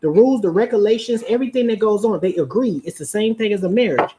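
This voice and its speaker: A woman of medium pitch lectures her audience about relationships on a live stream. She drawls her key phrases slowly. She keeps checking in with her listeners through rhetorical questions, and her delivery is preachy. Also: warm tone. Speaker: relationship advice speaker.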